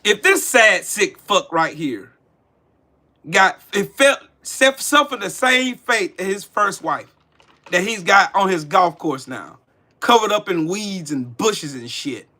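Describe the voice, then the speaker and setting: Profane, animated male livestream ranter. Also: sits high, slow. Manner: profane, heated, mocking, addresses chat viewers by name. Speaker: political commentary livestream host. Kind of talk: casual livestream rant.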